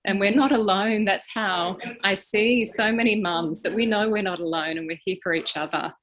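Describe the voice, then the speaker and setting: A woman, a podcast guest answering in an earnest, heartfelt way with halting restarts. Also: mid-range voice, a bit bright. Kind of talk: reflective interview answers.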